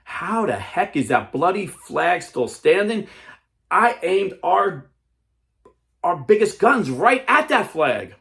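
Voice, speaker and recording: A man doing an enraged naval captain who shouts in high, strained disbelief. The captain's voice climbs well above the storyteller's own, and he drags his furious words out slowly. He sounds distant and blustering, as a storyteller puts him on. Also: very animated, vocal fry, heavily acted.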